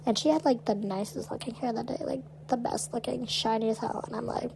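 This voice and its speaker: A woman's voice: a little high, fairly even intonation, a little fast, noisy background. Chatty young woman podcast co-host. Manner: chatty, peppers speech with "like". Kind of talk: casual storytelling chat.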